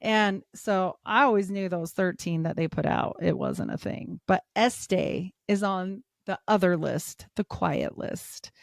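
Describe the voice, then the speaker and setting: A woman in her thirties, a podcast guest chatting casually, telling stories with lots of laughter and playing the other people in them in a higher voice. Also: unhurried, vocal fry, hardly any pauses, no echo, studio quality. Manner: animated storyteller, acts out quotes in a higher voice; laughs often, swears casually.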